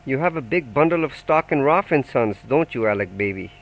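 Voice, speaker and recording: A man's voice: medium pitch, lively intonation, a little fast, voice pushed up, poor audio. A man voicing a menacing male debt collector for a crime gang in an audiobook, making threats in a mock-friendly, taunting way. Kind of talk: audiobook character voice.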